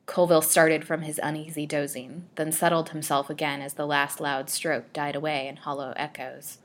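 Low-voiced woman reading a gothic story. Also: normal speed. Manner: dramatic, expressive reading. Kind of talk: storybook narration.

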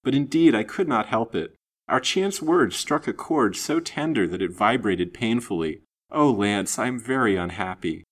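A man's voice: medium pitch, animated, moderate pace, natural voice. A man voicing a vain, scheming young woman in a storybook reading, coaxing and pettish, then plaintive.

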